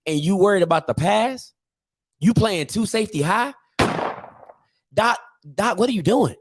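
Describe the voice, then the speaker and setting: A man hosting a casual live-streamed sports talk show, animated and exasperated, repeating himself for emphasis. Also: high-pitched, measured pace, noisy background. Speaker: host of a college football show.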